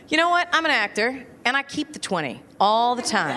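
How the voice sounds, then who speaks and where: Wry woman doing stand-up. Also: fairly high pitch. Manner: wry, self-deprecating, animated with quick asides. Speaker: stand-up comedian. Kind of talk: stand-up comedy set. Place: live comedy venue. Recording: live crowd and noise. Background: laughing, applauding audience.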